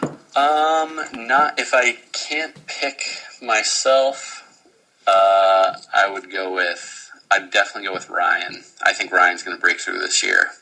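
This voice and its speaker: A man's voice: sits low, sharp tone, poor audio. A man hosting a podcast about fantasy baseball in casual chat, asking questions and joking. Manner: quick, joking, asks questions.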